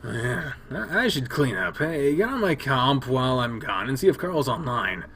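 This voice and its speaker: A man voices a quick-tempered young furry man who mutters low and sounds half-embarrassed. The pitch still moves a lot as he talks. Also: big pitch swings, a bit bright, husky, full character voice. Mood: defensive. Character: hot-tempered young male furry roommate.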